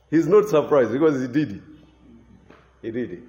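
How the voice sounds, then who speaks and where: A man's voice: medium pitch, normal speed, pauses often, dark tone, roomy sound. A man preaching a sermon with emphasis, repeating key phrases for weight.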